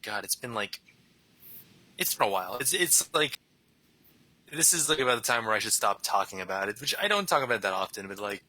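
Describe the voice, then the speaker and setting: A man's voice: fairly low pitch, very animated, fairly quick, pauses often, sharp tone, poor audio. A young man chatting casually and rambling, often laughing as he talks. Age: young adult. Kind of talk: casual conversation.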